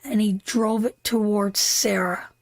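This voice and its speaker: Slow, heartfelt woman reading tarot. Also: medium pitch, fairly even intonation, no room sound. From Canada. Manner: emotional, heartfelt, repeats phrases for emphasis. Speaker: tarot reader hosting a live stream. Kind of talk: live tarot reading, talking to viewers.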